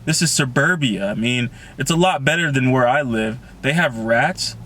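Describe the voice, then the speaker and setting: A man's voice: mid-range voice, lively intonation, moderate pace, sharp tone, slight background noise. A man reading the lines of a sarcastic, joking teenage boy from a novel. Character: wisecracking teenage boy, mocking.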